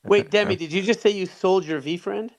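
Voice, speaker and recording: A man with a fairly high voice chats casually, giggling through quick jokey asides. The sound is dry and close. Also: dry recording, highs cut off. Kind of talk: casual chat.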